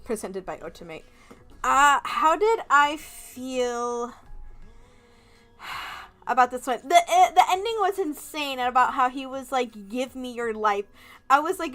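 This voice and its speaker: Young woman streamer, high bright voice, unhurried, playful, soft game music behind. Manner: playful, giggly, chatty. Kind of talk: playing a game and reading its text aloud.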